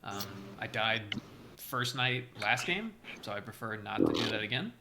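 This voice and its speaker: A man playing a voice-chat deduction game, defending himself in a quick, incredulous way. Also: fairly low pitch, very animated, gravelly. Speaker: player. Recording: loud background noise on voice chat.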